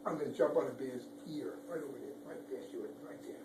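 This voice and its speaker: A man reading a picture book aloud to children, animated, pointing out pictures and making sound effects. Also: mid-range voice, quick pace. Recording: echoey room, far from mic, background noise.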